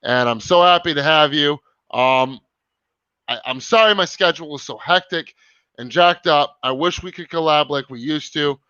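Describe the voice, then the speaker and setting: A man's voice: a little high, moderate pace, sharp tone, clear, resonant tone, no room sound. A young man hosting a casual livestream over a video call, talking emphatically and swearing often. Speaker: livestream host. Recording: dull lo-fi stream audio.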